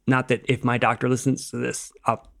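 A man's voice: medium pitch, completely flat delivery, a little fast, gravelly, fairly bright tone. A middle-aged man, a rock climber and podcast guest, telling stories in casual chat, acting out quoted dialogue and laughing often.

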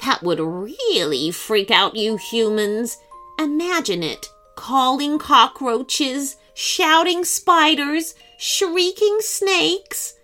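A woman voicing a mean old female witch with a croaky voice, speaking slowly and menacingly in a children's story. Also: high-pitched, lively intonation, sharp tone, soft background music, voice pushed up, exaggerated voice. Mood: gloating. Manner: slow, gloating and threatening. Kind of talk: storybook character voice.

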